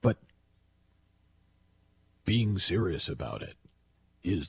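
A man hosting a call-in radio show, talking in a playful, animated storytelling way. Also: measured pace, long pauses. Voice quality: deep gravelly voice. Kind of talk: conversational radio monologue.

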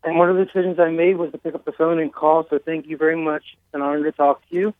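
A man's voice: fairly high pitch, little pitch movement, fast, dry recording. A man calling in to a radio show, speaking hesitantly with many fillers. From United States. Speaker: caller. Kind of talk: phone-in conversation. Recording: tinny dry phone line.

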